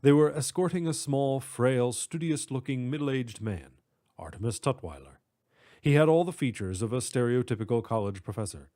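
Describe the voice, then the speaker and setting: A man narrating a story in a steady, measured way. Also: mid-range voice.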